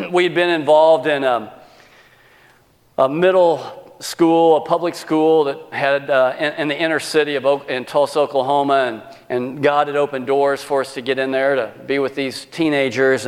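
A man's voice: a little high, big-room sound. A male pastor preaching a sermon, telling a personal story and acting out the quoted dialogue.

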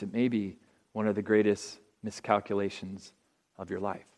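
A man preaching a sermon in an auditorium, earnest and deliberate, letting phrase ends drop softly. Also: on the low side, steady tone. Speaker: pastor.

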